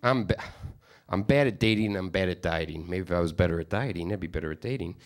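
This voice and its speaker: A man in his thirties from upstate New York performs a stand-up comedy set. His voice sits a little low. He rambles through self-deprecating stories, swearing freely as he goes. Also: fast talker.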